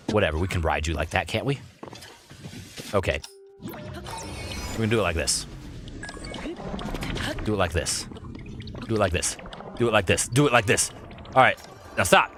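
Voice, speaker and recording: Male streamer, low voice with wide swings, playful running commentary over soft game music. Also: big pitch swings, normal speed, long pauses. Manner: playful, talks to game objects and reads chat aloud. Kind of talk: live gameplay commentary. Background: faint game music.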